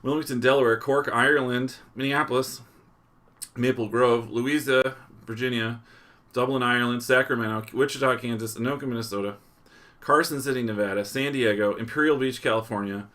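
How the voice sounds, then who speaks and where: A man's voice: medium pitch, steady tone, a little fast, a bit bright. A man hosting a live news stream, chatting casually and reading out where viewers are watching from. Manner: chuckles often, loose restarts. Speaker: livestream host.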